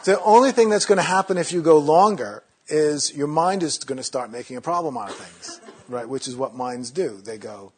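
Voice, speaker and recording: A man teaching meditation in a relaxed, conversational way, sometimes acting out inner voices in a mocking tone. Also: on the high side, moderate pace.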